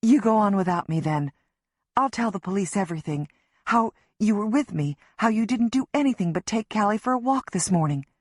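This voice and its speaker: A woman's voice: mid-range voice, lively intonation, fairly quick, a little mellow, no echo, clean studio sound, close to an everyday voice. A woman voicing a terrified young mother held captive, pleading tearfully and breathlessly. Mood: coaxing. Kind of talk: audiobook narration.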